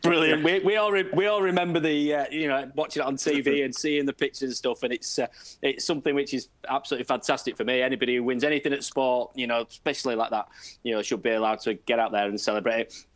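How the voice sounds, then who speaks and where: A man hosting an online event, reacting upbeat and quickly passing over to the quiz. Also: mid-range voice, fairly even intonation. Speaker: event host. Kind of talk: casual hosting.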